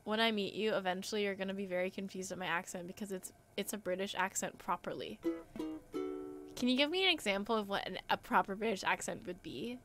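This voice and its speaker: A young American woman, a musician, streams a game while chatting casually, rambling through stories and laughing often. Her mid-range voice is quick and a bit bright, with soft music in the background.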